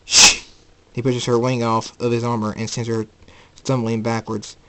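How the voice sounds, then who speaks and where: A man's voice: mid-range voice, flat delivery, moderate pace, poor audio. A man narrating an amateur storybook, reading plainly and stumbling over words now and then.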